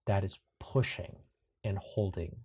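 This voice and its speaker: Low-voiced male game master: calm, matter-of-fact narration. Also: a little slow, husky.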